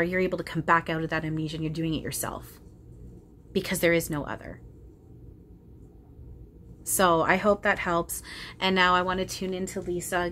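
A woman channeling spirits aloud in a soft, hesitant way, with frequent ums and casual swearing. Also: fairly low pitch, steady tone, normal speed, slight background noise.

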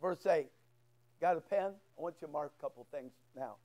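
A man's voice: fairly high pitch, moderate pace, warm tone. A male pastor preaching a sermon in church, telling a folksy story and acting out both sides of a conversation. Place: church sanctuary.

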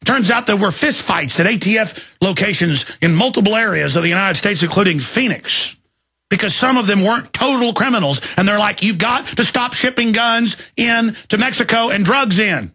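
A man in his thirties hosting a radio show, delivering an angry, shouting monologue in rapid tirades. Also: high-pitched. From Texas. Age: 30s. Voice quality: gravelly, raspy. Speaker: radio host. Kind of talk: ranting talk radio monologue.

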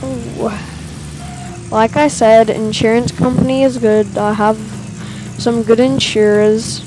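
A fairly high-voiced woman chatting casually while she plays a game. She rambles and fills her sentences with "um" and "like". Clear game music plays behind her. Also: level tone, takes it slowly. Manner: rambling, with many fillers. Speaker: gamer. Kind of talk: casual gameplay commentary.

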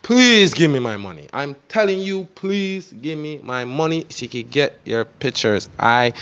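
A man's voice: fairly high pitch, lively intonation, moderate pace, a bit bright, smooth, muffled recording. A man, a photographer, ranting insistently and pleading over and over in a voice note. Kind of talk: heated voice-note rant.

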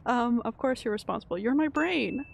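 A woman's voice: on the high side, expressive, moderate pace, creaky, lo-fi sound, a little hiss or hum. A Canadian woman streaming a video game, chatting casually with her viewers and laughing often. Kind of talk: casual gameplay commentary.

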